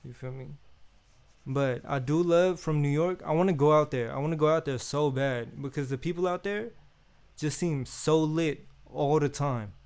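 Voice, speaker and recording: Laid-back Bay guy hosting an unboxing, smooth and resonant, loose slangy chat. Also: fairly high pitch, moderate pace, a little mellow. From Oakland, California. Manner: laid-back, slangy, keeps repeating "you feel me". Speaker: unboxing host.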